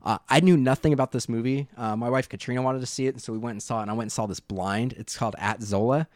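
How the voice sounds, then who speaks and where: A man co-hosting a podcast, chatting casually about shows and films in a rambling, animated way with many restarts. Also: mid-range voice, quick pace, dry recording. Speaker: podcast co-host. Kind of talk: casual movie chat.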